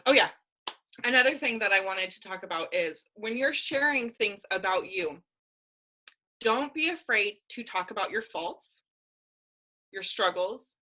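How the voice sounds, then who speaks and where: Young adult female fitness coach, casual and emphatic motivational speaker, crisp bright tone. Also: medium pitch, poor audio. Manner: candid, emphatic, casual slang. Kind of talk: motivational team call talk.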